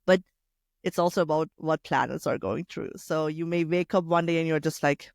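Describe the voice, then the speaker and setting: A man hosting a podcast interview, talking quickly and acting out little asides in a casual chat. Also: fairly high pitch, gravelly, clean tone, dry recording, studio quality. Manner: quick, lively talk with acted-out asides. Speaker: podcast host.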